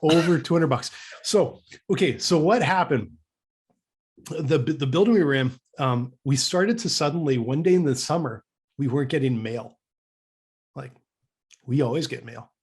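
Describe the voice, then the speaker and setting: His voice is mid-range and slightly rough, and his pace is moderate. On the podcast he co-hosts, this man from Canada tells a casual story, acting out what people said, with lots of restarts and stammered repeats along the way.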